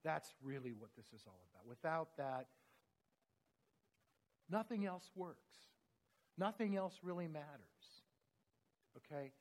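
A man's voice: on the high side, expressive, takes it slowly, long pauses. A man preaching a sermon, telling stories in an earnest, conversational way.

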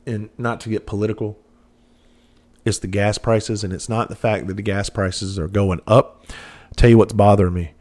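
A man's voice: lowish voice, a little mellow. A man, a former police officer telling rambling, profane stories with lots of fillers. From southern United States. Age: 40s. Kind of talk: casual storytelling monologue.

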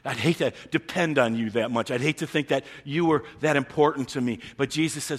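Husky-voiced male pastor preaching in a hall. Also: medium pitch, a little fast, few pauses. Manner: dynamic preaching, swinging from hushed and intimate to loud and emphatic. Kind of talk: sermon.

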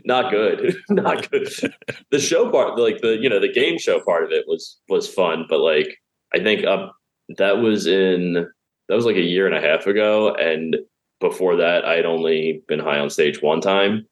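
A man's voice: deep voice, moderate pace. A man telling comedy stories in a casual chat, often laughing as he talks. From Pennsylvania. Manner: laughs through his stories. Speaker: stand-up comedian guest.

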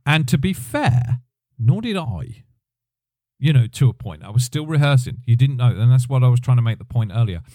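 A man's voice: medium pitch, big pitch swings, normal speed, dark tone, no room sound, studio quality. A middle-aged man telling a rambling personal story on his podcast, often correcting himself as he goes. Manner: rambling, self-correcting, chatty. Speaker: podcast host, drummer. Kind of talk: casual storytelling.

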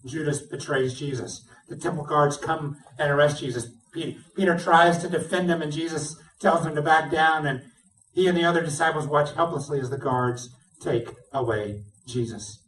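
A male pastor delivers a sermon as a vivid story, bringing its characters to life as he goes. His voice sits a touch high and rings through a roomy church sanctuary. The mic picks him up from some distance. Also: normal speed. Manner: animated storytelling, acts out dialogue. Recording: roomy sound, speaker away from mic.

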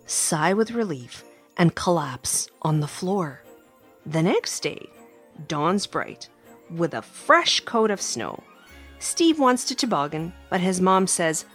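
A woman hosting a children's storytime show, reading a rhyming picture book aloud with lots of expression. Her fairly low voice rises and dips widely, and she takes her time, drawing out each line. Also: slow, soft background music. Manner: animated, expressive, warm-hearted. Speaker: children's story podcast host.

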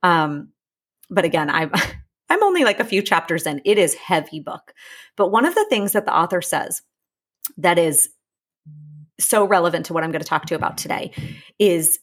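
Earnest, husky-voiced woman coach. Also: lowish voice, lively intonation. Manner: earnest, repeats key lines slowly for emphasis; chatty with restarts and asides. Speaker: relationship coach and podcast host. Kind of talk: casual podcast monologue.

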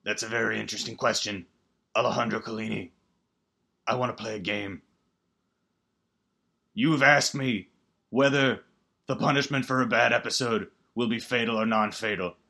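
A slow, cold older man's voice that makes each threat sound calm and reasonable, as a man puts on a horror-film killer. He is measured and quietly menacing, sits a little below the speaker's usual pitch, and keeps his delivery low and unhurried. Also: vocal fry, exaggerated voice.

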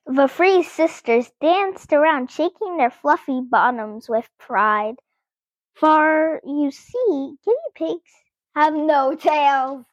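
Woman, children's book read-aloud, playful asides, unhurried, dry close sound. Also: high voice, lively intonation, no room sound. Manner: playful, exclaiming, chats to kids. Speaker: children's author reading aloud.

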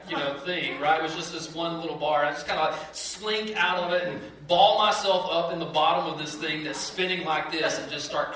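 A man, preaching a sermon as a pastor in a lively, conversational storytelling way full of asides. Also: a little high. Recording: very echoey hall from far off.

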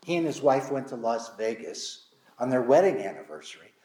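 Lively, self-deprecating man preaching in a roomy hall. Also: a little fast. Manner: candid, self-deprecating storytelling with lively pitch. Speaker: pastor. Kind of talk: sermon with personal storytelling. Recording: roomy echo.

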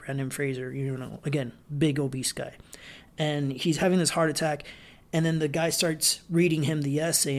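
Casual, rambling male podcast host. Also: on the high side. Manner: loose, rambling, acts out scenes with quick quoted voices. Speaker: podcast host, film reviewer. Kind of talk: casual solo film review.

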